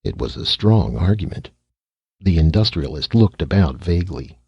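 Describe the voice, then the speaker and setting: A low-voiced man narrates a short story with a husky, breathy edge. His reading swings widely in pitch as he moves between characters. The sound is dry and a little dull, as if recorded on modest gear. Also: expressive, normal speed, no room sound. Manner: reads every character's lines himself, lifting his pitch for children and the mother. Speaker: audiobook narrator.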